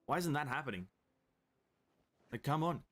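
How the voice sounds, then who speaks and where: A man's voice: a little high, expressive, normal speed, a bit bright. A young man, rambling and joking in casual live-stream chat as he plays a game and answers his chat.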